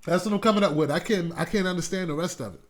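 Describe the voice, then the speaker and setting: High-voiced man ranting casually. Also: very fast. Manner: animated, repetitive, laughs often. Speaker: talk show host. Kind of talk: casual political commentary.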